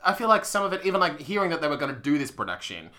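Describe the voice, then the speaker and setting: A podcast co-host in casual conversation about theatre, throwing in wry jokes. The voice is bright and sharp. Its pitch moves a lot from line to line. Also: very animated, racing. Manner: wry, jokey asides. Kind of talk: casual chat reviewing theatre.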